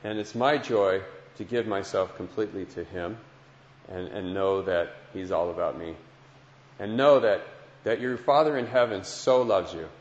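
A man's voice: low-pitched, normal speed. A man preaching a heartfelt Christian sermon and testimony, earnest, often repeating phrases, to listeners in a large hall. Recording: dull lo-fi sound with long hall echo.

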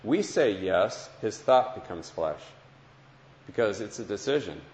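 Man, earnest sermon, lowish voice, long hall reverb, dull lo-fi recording. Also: expressive, unhurried. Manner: warm, earnest, repeats phrases. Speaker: preacher giving a testimony. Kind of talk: heartfelt Christian sermon. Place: large hall with listeners.

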